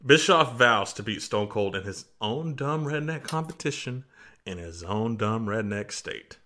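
A man with a lowish voice co-hosts a casual wrestling review podcast at a measured pace. He's animated, laughs often, and puts on shouting voices when quoting.

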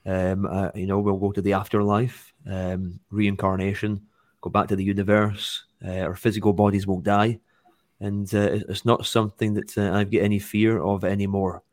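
A man with a low, flat voice speaks calmly in a casual chat. He talks in a measured, hesitant way, and the recording sounds dry and close. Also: no echo. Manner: calm, measured, hesitant with fillers.

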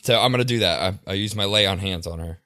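A man playing a tabletop game, joking around and quick to laugh. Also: fairly low pitch, sharp tone, no room sound, clean studio sound. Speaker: player. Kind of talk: casual tabletop game banter.

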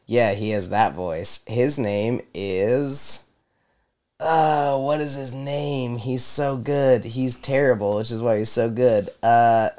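A man's voice: mid-range voice, slow, mellow. A man co-hosting a podcast in casual chat, rambling, laughing often and swearing freely. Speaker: podcast co-host.

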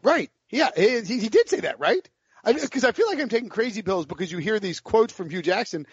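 A man's voice: sits high, lively intonation, a little fast, breathy edge, dry recording. A man hosting a sports podcast, ranting in a fired-up, casual way about football picks. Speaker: podcast host. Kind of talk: casual sports betting talk. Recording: dull lo-fi audio.

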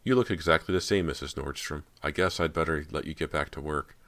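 Jumpy teen girl, eager and a bit breathy, deep-voiced guy reading her. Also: brisk, fairly bright tone. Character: nervous teenage girl, earnest and jumpy.

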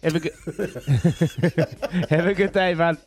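A man hosting a breakfast radio quiz, playful and quick to laugh. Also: on the high side. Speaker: radio show host.

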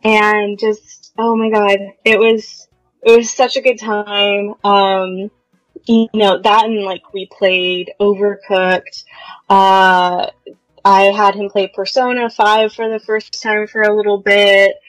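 A woman on a podcast panel in casual chat, relaxed and reflective, with frequent pauses and fillers. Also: mid-range voice, faint music behind, rough recording.

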